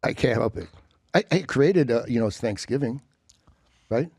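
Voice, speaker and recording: Gravelly guy rambling thru stories on a podcast, swears a lot, makes little beep boop noises, dry close mic. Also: medium pitch, animated, normal speed, a little mellow, no echo. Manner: rambling, profane, full of restarts and sound effects. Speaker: actor, podcast guest. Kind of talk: casual storytelling chat. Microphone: studio mic with headphones.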